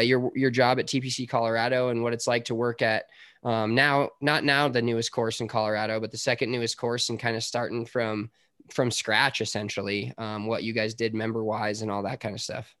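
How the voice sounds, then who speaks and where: A man's voice: mid-range voice, steady tone, brisk, fairly bright tone, no room sound, studio quality. A man hosting a casual podcast, upbeat and chatty with loose fillers. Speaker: podcast host.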